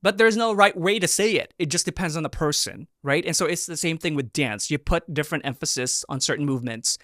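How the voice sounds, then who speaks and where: A man in his thirties hosting a reaction video, giving casual and animated commentary with excited exclamations. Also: fairly high pitch, a little fast, dry recording, studio quality. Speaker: reaction video host, performer.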